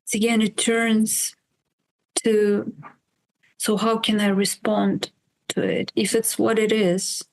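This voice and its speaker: A woman guest speaking quietly and thoughtfully in a reflective conversation. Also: mid-range voice, little pitch movement, slow, vocal fry, long pauses, rough recording.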